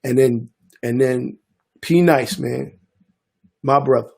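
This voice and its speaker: An older man, a DJ and producer telling a story in a casual interview, animated and acting out the voices of others. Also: medium pitch, takes it slowly, creaky, husky. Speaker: guest DJ and producer.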